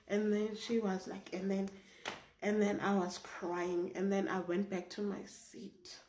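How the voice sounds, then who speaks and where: A young woman with a South African accent telling a story on a casual vlog, animated and indignant, swearing freely. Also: medium pitch, measured pace. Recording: echoey room, faint noise.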